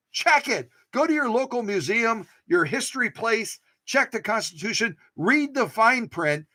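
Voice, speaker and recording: A man who restores vintage sewing machines hosts a casual demonstration in his home workshop, joking and cheering on his machine and the camera. His voice is high and a bit bright. There is no echo.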